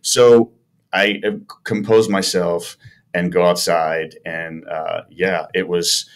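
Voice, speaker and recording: Middle-aged man, very low voice, animated podcast storyteller who acts out the dialogue. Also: slow pace. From Chicago area. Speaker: podcast guest, former baseball player. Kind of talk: casual storytelling in a podcast interview.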